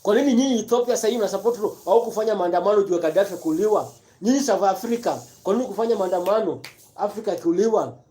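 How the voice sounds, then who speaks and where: Fired-up commentator, mellow voice. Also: mid-range voice, rapid-fire. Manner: repetitive, emphatic, rhetorical questions. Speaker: live-stream commentator. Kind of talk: impassioned political rant mixing Swahili and English.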